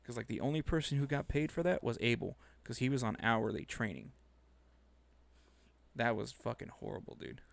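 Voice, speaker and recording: Man, gravelly, mid-pitched, profane animated storyteller, casual podcast chat. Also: normal speed, dry recording. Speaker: podcast co-host.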